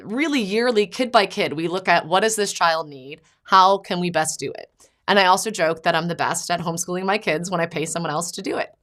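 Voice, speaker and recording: A woman in her thirties hosting a podcast, chatting casually and telling family stories in lively bursts, quoting others as she goes. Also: lowish voice. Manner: chatty storytelling, quotes her son and mother in lively bursts. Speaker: podcast host. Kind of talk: casual chat.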